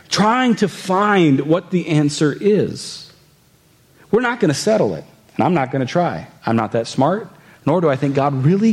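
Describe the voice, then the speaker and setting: Male pastor, slightly high voice, conversational sermon delivery with rhetorical questions to the congregation. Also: darkish tone. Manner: reads scripture aloud, then explains it.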